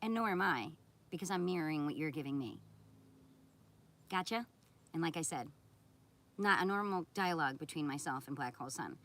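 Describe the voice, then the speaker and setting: Lively, sarcastic woman streamer. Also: low voice, a little fast, long pauses. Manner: sarcastic and confrontational; blunt, scolding. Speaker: content creator on a live stream. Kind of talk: live stream, answering viewer chat.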